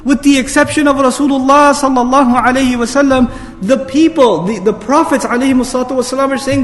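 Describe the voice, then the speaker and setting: A man's voice: very high-pitched, quick pace, in a large hall. A man giving an earnest sermon, asking the audience pointed rhetorical questions and pressing home his points. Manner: earnest, rhetorical questions, rising to emphatic peaks. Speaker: Islamic speaker.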